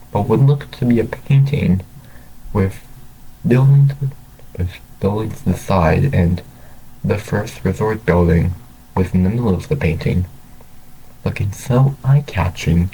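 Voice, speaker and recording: A man's voice: sits low, gravelly, warm tone, a little hiss or hum, poor audio. A man reading a fan story aloud, who stumbles and repeats words as he goes. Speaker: story reader.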